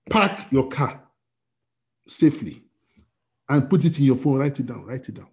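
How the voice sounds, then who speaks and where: A man's voice: mid-range voice, moderate pace, pauses often, darkish tone. A man preaching as pastor, emphatic and repetitive, with many restarts and fillers. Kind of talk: sermon.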